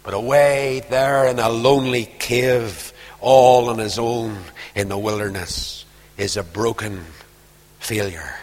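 A man preaching a sermon, telling a Bible story with dramatic swings from urgent emphasis to hushed, almost whispered lines. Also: mid-range voice, steady tone, slow pace, big-room sound.

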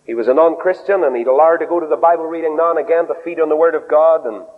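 A fairly high-voiced man preaches with animated swings in pitch. He acts out quoted voices and drops in wry asides. The old, muffled recording carries a long hall reverb. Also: racing. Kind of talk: sermon.

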